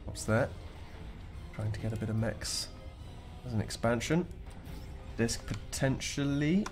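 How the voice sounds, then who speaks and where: A man's voice: mid-range voice, a little slow, darkish tone. Guy casting a strategy game replay, joking around, faint music behind. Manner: chatty and joking, with playful asides. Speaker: game commentator.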